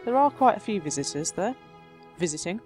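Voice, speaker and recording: A woman hosting a let's play, chatting through her game in a self-mocking way, her voice jumping between high and low. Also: animated, fairly quick, darkish tone. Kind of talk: casual gameplay commentary. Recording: faint game music behind.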